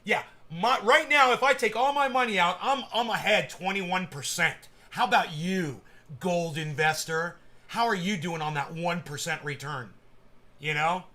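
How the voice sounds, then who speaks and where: A man's voice: high voice, unhurried, sharp tone. A man hosting a live stream, ranting casually with lots of swearing and stammered repeats. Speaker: livestream host. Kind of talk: casual livestream rant.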